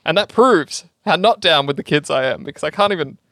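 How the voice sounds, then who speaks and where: A man's voice: on the high side, animated, a little fast, bright, forceful tone, no echo, studio quality. A young man co-hosting a podcast in casual chat, jokey and teasing. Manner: teasing, jokey, laughs often. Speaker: podcast co-host.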